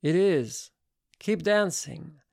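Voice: mid-range voice, lively intonation, slow, creaky, a little mellow. A reader voicing a wry, guarded man of seventy-one in an audiobook.

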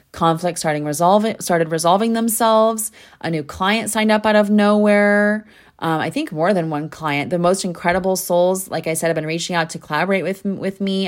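A young adult woman hosting her own podcast, talking earnestly and from the heart, with lots of "like" fillers. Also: sits low. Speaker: podcast host and spiritual coach. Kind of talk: casual podcast monologue.

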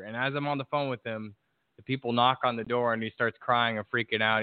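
A man's voice: medium pitch, fairly quick, no echo. A man talking bluntly and emphatically in a casual discussion, swearing freely. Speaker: podcast guest. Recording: tinny phone-like call audio, dry.

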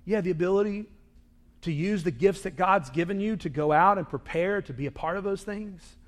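A man preaching a sermon indoors, moving between hushed, intimate lines and loud, emphatic ones. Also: high voice, fairly quick. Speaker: pastor. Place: indoor worship hall. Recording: reverberant hall.

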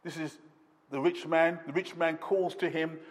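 A man's voice: fairly high pitch, steady tone, measured pace, long reverb tail. A man preaching a sermon, quoting scripture dramatically with rising intensity. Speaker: pastor.

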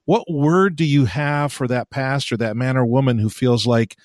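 A man's voice: mid-range voice, normal speed, few pauses, darkish tone, dry recording, clean studio sound. A man hosting a conversation, putting a question to his guest for pastors who listen. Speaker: podcast host. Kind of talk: interview questions.

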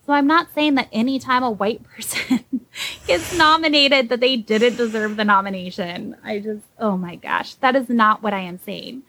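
A young woman talks through a casual podcast discussion, slightly high-pitched. She is animated and sarcastic, leaping upward in pitch whenever she mocks someone. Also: normal speed, rough recording. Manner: animated, sarcastic, with pitch jumps when mocking. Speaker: podcast co-host.

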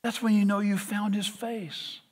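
High-voiced pastor preaching. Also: male voice, level tone, a little slow, a little mellow. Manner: earnest, repeats words at restarts. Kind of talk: sermon.

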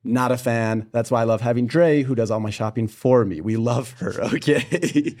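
A young man from Pennsylvania, co-hosting a casual faith podcast and telling a childhood story with lively storytelling. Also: mid-range voice, moderate pace. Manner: storytelling, animated. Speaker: podcast co-host.

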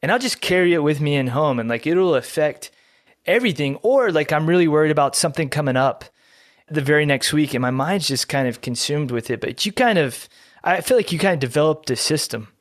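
A male podcast host asking relaxed, chatty questions with many fillers. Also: a little high, a little fast, dry recording, clean studio sound. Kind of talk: casual interview chat.

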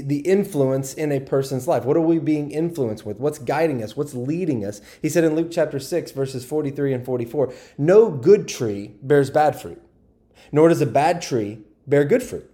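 A man with a Southern US accent, leading a midweek Bible study in an earnest, folksy sermon style. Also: medium pitch. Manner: folksy, earnest, with gentle restarts. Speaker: pastor.

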